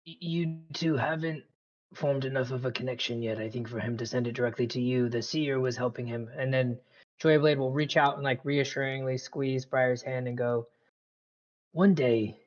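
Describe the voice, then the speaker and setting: A man's voice: medium pitch, steady tone, normal speed, highs cut off. A man playing a character in a tabletop role-playing game, in a playful manner. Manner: playful, fighting off laughter. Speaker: player.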